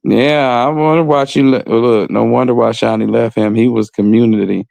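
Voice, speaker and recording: Blunt, gravelly gossiping man. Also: medium pitch, steady tone, normal speed, a little mellow, dry recording. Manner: blunt, joking, street slang; reads viewer comments aloud. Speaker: podcast co-host. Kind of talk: casual gossip commentary.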